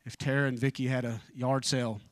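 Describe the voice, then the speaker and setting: A man in his forties preaching an evening church sermon, telling personal stories informally with joking asides, and dropping low and fervent in prayer. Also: flat delivery, a little fast, dry recording, studio quality. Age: 40s.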